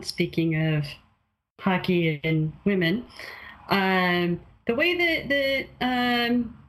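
A young woman in casual conversation, chatty and quick to laugh, with plenty of fillers. Her voice is bright and forward. She sounds like a relaxed podcast co-host. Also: medium pitch. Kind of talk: casual chat.

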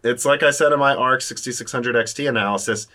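This man, a podcast host, keeps things animated on a casual tech show. When he restarts a thought, he does it quickly and talks on, his pitch bouncing lively.

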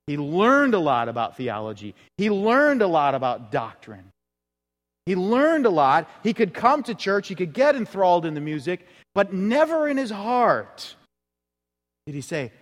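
A male pastor giving a conversational sermon in a church, full of rhetorical questions and acted-out quotes. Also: a little high. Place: church sanctuary. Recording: reverberant church hall.

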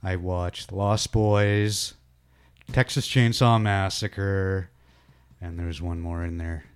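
A man's voice: low voice, slow pace, clean tone. A man co-hosting a podcast from his kitchen, telling stories with lots of swearing and laughter. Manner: swears a lot, laughs often, animated storyteller. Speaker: podcast co-host. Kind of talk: casual chat. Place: home kitchen.

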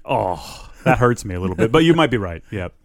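A man's voice: fairly low pitch, sing-song, a little fast, no echo. A man co-hosting a casual chat show, enthusiastic but hesitant, often stammering and restarting. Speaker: podcast co-host.

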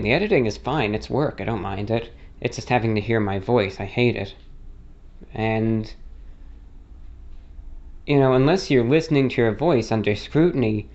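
A man's voice: medium pitch, a little mellow, lo-fi sound. A man from the United States with a faintly non-rhotic American accent, answering a listener question as host in a rambling, self-correcting story. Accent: American with a mildly non-rhotic, slightly British-like lilt. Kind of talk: casual monologue.

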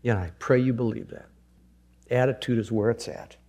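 A man's voice: mid-range voice, steady tone, normal speed, a little mellow, a little hiss or hum. A male pastor preaching a sermon in an earnest, conversational way, often repeating words.

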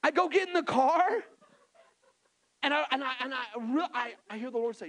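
A man from Texas, telling his own story in an animated, self-mocking sermon with lots of restarts. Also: very high-pitched, normal speed. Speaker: preacher.

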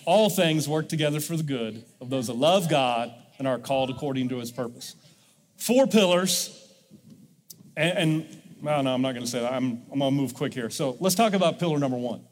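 A man's voice: mid-range voice, moderate pace, long reverb tail. A male pastor preaching a sermon in a church, leading the congregation in call-and-response. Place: church sanctuary.

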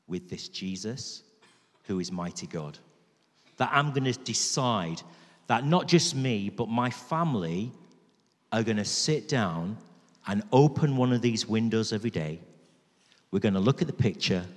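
A man preaches in a church at an unhurried, deliberate pace, leaning on repeated phrases for emphasis. His voice sits a little low and rings out with the long echo of a large hall. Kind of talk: sermon.

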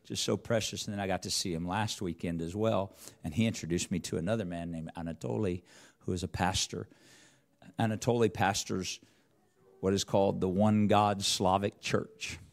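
A man's voice: fairly even intonation, moderate pace, vocal fry. A middle-aged man preaching a sermon, telling a personal story with rambling restarts and rising intensity. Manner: rambling, restarts, rises in pitch and volume as the story builds.

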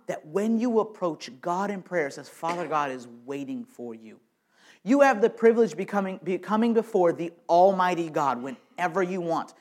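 A man with a fairly high voice preaches a sermon. He swings from near-whispered lines to loud, emphatic bursts and often repeats words as he restarts a thought. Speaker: pastor.

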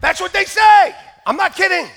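A man preaching a comic storytelling sermon at a church service, animated and breaking into loud joking shouts. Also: very high-pitched, moderate pace, vocal fry, background noise. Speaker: pastor.

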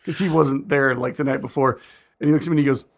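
A man's voice: mid-range voice, fast talker, creaky. A man co-hosting a casual chat podcast, telling stories with lots of laughter and acted-out quotes. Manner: animated, laughs often, acts out quoted voices. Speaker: podcast co-host.

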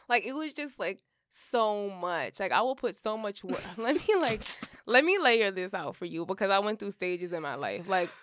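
A woman's voice: mid-range voice, lively intonation, normal speed, fairly bright tone, a little hiss or hum. A young woman co-hosting a podcast, telling stories in casual slang and laughing often. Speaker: podcast co-host. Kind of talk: casual chat.

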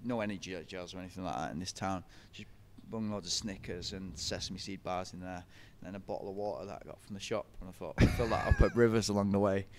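A man's voice: sits low, steady tone, fast, hardly any pauses, a little mellow, a little hiss or hum. A young man, telling running stories in a casual interview, chatty and laughing often. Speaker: podcast guest, ultra runner.

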